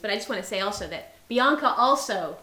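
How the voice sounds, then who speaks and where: A woman's voice: medium pitch, animated, brisk, sharp tone. A woman co-hosting a scholarly discussion, eager and playful. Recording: roomy echo.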